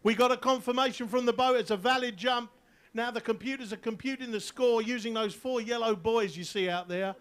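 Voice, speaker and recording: Over a PA system, an English man calls a live outdoor barefoot water ski event, ribbing the crowd between jumps. His voice is very high, fairly fast, and slightly bright.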